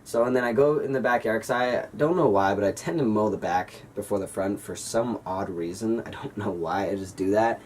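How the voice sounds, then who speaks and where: A young man in his late teens tells a story for his vlog, rambling through fillers and correcting himself as he goes. His voice sits low, and he is a little way off the microphone, with faint ambient hiss behind him. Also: a little fast, few pauses, a little mellow, far from the mic. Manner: rambling, filler-heavy, frequent self-corrections. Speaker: vlogger.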